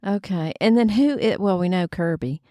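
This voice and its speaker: A woman co-hosting a casual sports podcast, chiming in with quick reactions, questions and playful teasing. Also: on the low side, mellow, dry recording, clean studio sound. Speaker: podcast co-host.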